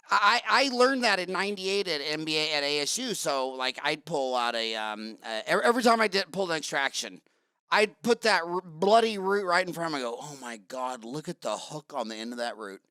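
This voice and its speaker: A man's voice: fairly high pitch, sharp tone, clean tone, no echo. A middle-aged man hosting an interview, telling blunt, rambling stories in casual talk. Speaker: podcast host.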